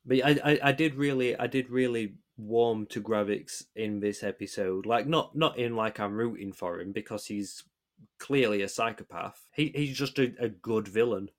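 Speaking on the low side at a moderate pace, a male podcast co-host works through his ideas in relaxed conversation. He stops and restarts a lot, and his reasoning meanders.

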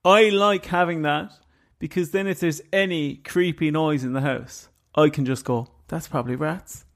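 A man with a fairly high voice, speaking at normal speed, co-hosts a paranormal podcast, chatting casually and reading story notes aloud in narration. He comes across as easily spooked.

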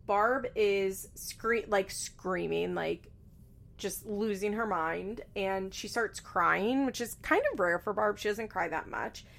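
A woman's voice: medium pitch, slow pace, vocal fry, fairly bright tone. A woman giving a casual, chatty recap with lots of fillers and swearing. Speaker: reality TV recap host. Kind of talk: casual commentary.

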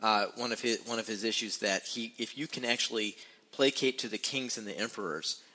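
A man's voice: fairly low pitch, a little fast, pushed and bright, low-quality recording. A man co-hosting a casual podcast, narrating history playfully and posing rhetorical questions. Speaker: podcast co-host. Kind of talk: casual storytelling podcast chat.

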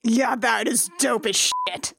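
A woman's voice: a little high, takes it slowly, gravelly, background noise. A woman co-hosting a podcast, reacting expressively and laughing in casual movie chat. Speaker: podcast co-host.

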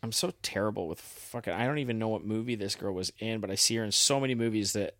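Male podcast co-host with a lowish voice, offhand and profane, dry close recording. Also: quick pace, fairly bright tone, no echo. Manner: swears casually, offhand. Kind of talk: casual chat.

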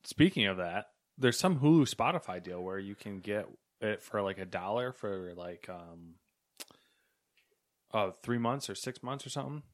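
A man co-hosting a podcast in relaxed casual chat, often mumbling through fillers. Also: fairly low pitch, moderate pace. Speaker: podcast co-host.

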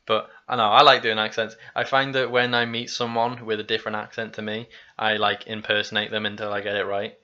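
Young guy podcasting, bright forceful voice, rambly and jokey, kinda muffled sound. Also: on the low side, level tone, normal speed, pauses often. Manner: rambling, jokey, laughs a lot. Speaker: podcast co-host. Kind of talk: casual chat. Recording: slightly dull lo-fi sound.

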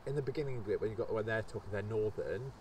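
A young man co-hosting a podcast, bantering and joking in quick, stumbling bursts. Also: lowish voice, a little mellow, slight background noise. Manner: jokey, quick banter, restarts. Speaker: podcast co-host. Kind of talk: casual chat.

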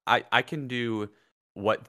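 A man's voice: medium pitch, slow, bright, forceful tone. A man co-hosting a podcast who rambles through jokes with restarts and laughs often. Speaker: podcast co-host. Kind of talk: casual podcast chat.

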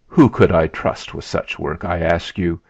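A man voicing a blustering, sneering landowner in a storybook reading, taunting loudly. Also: deep voice, a little slow, gravelly, husky, no echo, full character voice. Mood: shouting. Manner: mocking, shouting taunts. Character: blustering sneering middle-aged male landowner. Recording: dull lo-fi recording.

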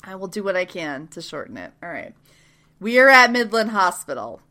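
A woman in casual chat, recapping a TV episode with lots of laughter and quick acted-out lines. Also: mid-range voice. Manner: animated, laughing, swearing, acts out characters in quick voices. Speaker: podcast co-host recapping a TV show.

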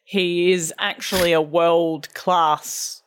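A woman's voice: on the low side, level tone, slow pace, a little hiss or hum. A woman narrating as game master in a tabletop role-play, playful and giggly.

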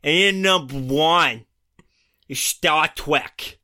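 A man putting on a deliberately bad American accent, announcing a ranking in a loud, drawn-out way. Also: fairly high pitch, pitched above the performer's own voice, exaggerated voice. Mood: hammy.

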